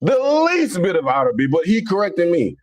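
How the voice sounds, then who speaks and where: A man from Cincinnati with a Southern-leaning accent, talking in a casual, animated monologue full of stammered restarts. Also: high-pitched, brisk. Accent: Cincinnati, Southern-leaning American. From Cincinnati, Ohio, USA. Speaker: Islamic commentator.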